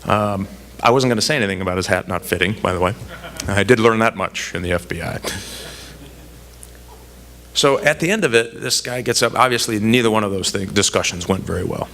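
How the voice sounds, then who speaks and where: A man with a low, gravelly voice gives a public speech. He tells personal anecdotes with dry, self-deprecating humor. He drives his points home with repeated, emphatic phrases. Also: fairly quick, a bit bright. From United States. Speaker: congressman giving a speech.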